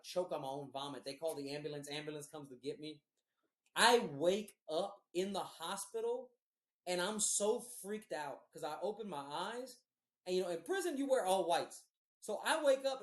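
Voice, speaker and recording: A man casually telling a long, profane story on a podcast, animated and loose. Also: a little high, roomy sound. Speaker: podcast host.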